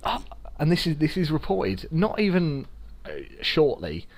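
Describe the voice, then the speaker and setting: A man's voice: a little high, animated, measured pace. A young man with a London accent chatting casually on a podcast, sarcastic and rambling, swearing freely. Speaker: podcast co-host. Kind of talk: casual chat.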